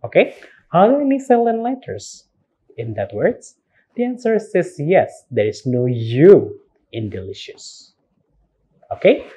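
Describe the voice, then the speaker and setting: An Indonesian man lecturing to camera, spelling out each word and repeating it with rhetorical questions. His voice is slightly husky and he speaks slowly, with a lively, swinging pitch. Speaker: university lecturer. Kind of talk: recorded online lecture.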